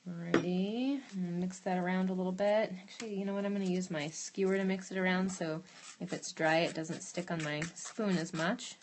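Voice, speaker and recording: A woman's voice: fairly low pitch, steady tone, moderate pace, a little hiss or hum. A woman demonstrating a glass craft in her studio on a live stream, chatting casually, thinking aloud and answering viewer questions as she works.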